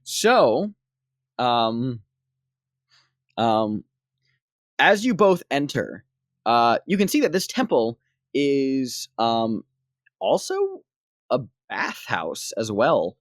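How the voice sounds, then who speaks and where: A woman's voice: extremely low pitch, very animated, very slow, long pauses, dry recording. Lady running a tabletop game, um-heavy rambly narration, dry close sound. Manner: rambling, many fillers, laughs easily. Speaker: dungeon master.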